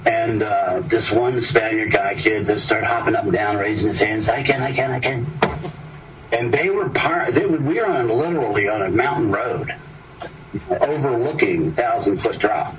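A man's voice: lowish voice, moderate pace, a loud crowd. A man telling meandering anecdotes, breaking off mid-sentence and chuckling at his own stories. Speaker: storyteller. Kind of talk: rambling anecdotal storytelling. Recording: distant mic with clear background noise.

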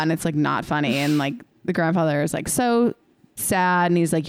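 A woman's voice: deep voice, big pitch swings, normal speed, no room sound. Chatty young woman recapping a movie. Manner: chatty, heavy use of "like", swears casually. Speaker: podcast co-host. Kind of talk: casual movie recap chat.

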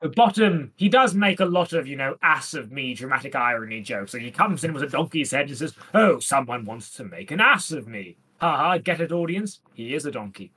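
A woman co-hosting a casual comedy podcast, talking in a deadpan, playful way and slipping into silly voices. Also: very deep voice, brisk, few pauses, husky. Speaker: podcast co-host. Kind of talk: casual comedic chat about Shakespeare.

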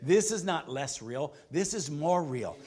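A man's voice: fairly high pitch, animated, measured pace, darkish tone. A man preaching a sermon as pastor, emphatic, calling for responses from the congregation.

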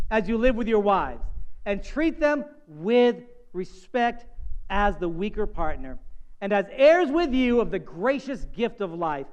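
A man's voice: high voice, clear, resonant tone, poor audio. A man preaching a sermon as pastor, earnest and direct, sometimes acting out the voices of the people and of God.

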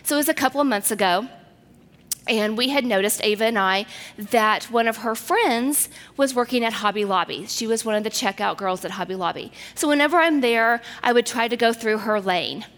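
A woman preaches with earnest storytelling, her voice pitched fairly high. She drops to soft near-whispers at the tender moments. Her words ring out with a long reverb in a large hall. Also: moderate pace. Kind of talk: sermon with personal story.

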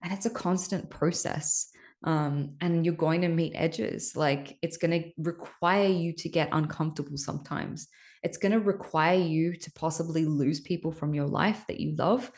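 A woman's voice: low-pitched, moderate pace, a little mellow. A woman hosting a podcast, telling a personal story in a candid, emphatic way, swearing casually and often checking in with "right?". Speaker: podcast host.

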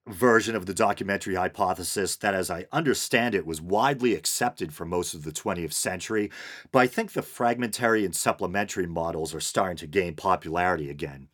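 A man's voice: sits low, brisk, a bit bright. A man with a New England accent hosting a solo podcast, talking in a wry, self-deprecating way with chuckles and "uh"s. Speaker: podcast host. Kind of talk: casual solo podcast monologue.

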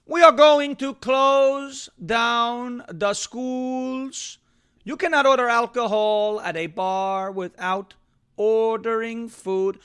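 A man doing a mocking impression of a bossy male governor issuing slow, commanding orders. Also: very high-pitched, steady tone, fairly bright tone, clean tone, pitched above the performer's own voice, heavily acted.

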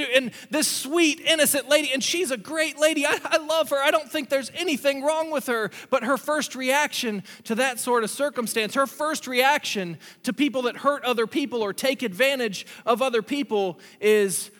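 A man preaches in a relaxed, storytelling manner, stopping now and then to speak straight to the congregation. His voice sits very high and sounds bright and forceful. It rings out with the long reverb of a large hall. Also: moderate pace, few pauses. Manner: conversational storytelling, animated asides. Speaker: pastor. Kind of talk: sermon.

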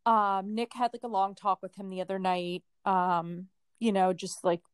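Animated woman telling stories, dry sound. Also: medium pitch, moderate pace, clear, resonant tone, dry recording. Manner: animated storyteller, laughs often. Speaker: podcast co-host. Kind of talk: casual chat.

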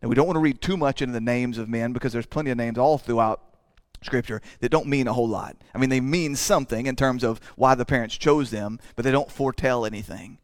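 A man's voice: medium pitch, quick pace, no echo, studio quality. Man preaching an earnest sermon. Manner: earnest preaching, swells loud on key phrases then drops to quiet asides. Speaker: pastor.

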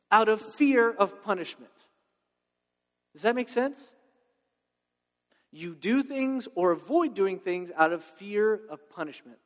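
A man preaching a sermon in a conversational, animated way, full of personal stories and checking in with "right?". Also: high voice. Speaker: pastor. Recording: long reverb of a large hall.

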